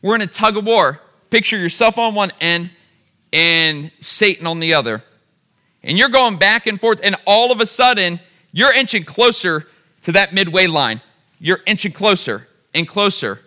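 Bright-voiced preacher with a drawl. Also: male voice, sits high, lively intonation, moderate pace. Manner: addresses the crowd as "y'all", builds to emphatic repeated lines. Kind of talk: sermon.

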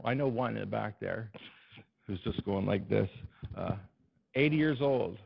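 A male preacher giving an animated, storytelling sermon and addressing his congregation in a church. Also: on the low side, moderate pace, gravelly, slightly rough. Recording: dull, muffled recording.

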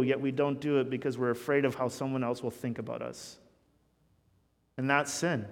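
A man's voice: medium pitch, flat delivery, moderate pace. Earnest preacher man in a reverberant hall. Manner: earnest, swings between loud emphasis and hushed intensity. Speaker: pastor. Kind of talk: sermon.

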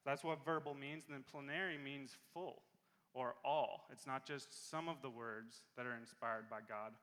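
A man preaching a sermon as pastor in a church, earnest and repeating key phrases slowly for emphasis. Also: mid-range voice, fairly even intonation, pushed and bright, in a large hall. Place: church sanctuary.

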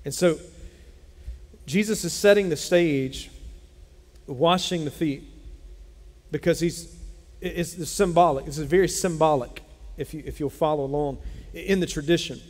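A man preaching a sermon as pastor, telling a Bible story in an animated way and acting out its characters. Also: on the high side, unhurried. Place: church sanctuary. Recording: long hall reverb.

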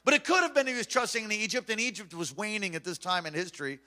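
A man's voice: high voice, quick pace, bright, forceful tone. A man preaching a fervent, emphatic sermon as pastor from a church stage.

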